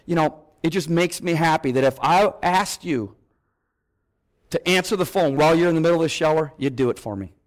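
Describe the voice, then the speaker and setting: A man voicing God, who speaks to him gently and fondly. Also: fairly high pitch, brisk, natural voice.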